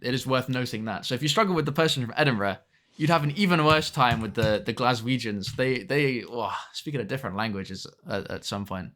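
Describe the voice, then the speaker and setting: A man's voice: medium pitch, fairly quick, a bit bright. A young man chatting casually with viewers while streaming a game, swearing now and then at the game. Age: young adult. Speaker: streamer reading chat.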